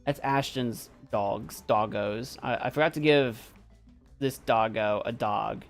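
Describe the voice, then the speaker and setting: A man's voice: medium pitch, slow pace, creaky, soft background music. A man chatting casually on a live stream, giving playful commentary.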